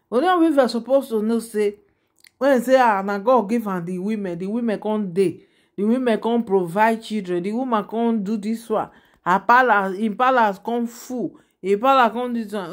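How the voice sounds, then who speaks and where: A woman's voice: mid-range voice, a little mellow. Chatty Nigerian Pidgin woman gossiping. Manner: chatty, addresses viewers directly with repeated asides. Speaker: gossip vlogger. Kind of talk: casual gossip commentary.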